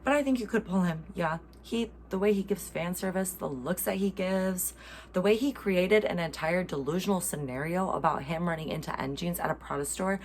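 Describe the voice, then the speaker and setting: A woman's voice: on the low side, expressive, moderate pace, darkish tone, a little hiss or hum. A young American woman hosting a casual reaction chat, talking in a playful, gushing way full of fillers. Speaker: host.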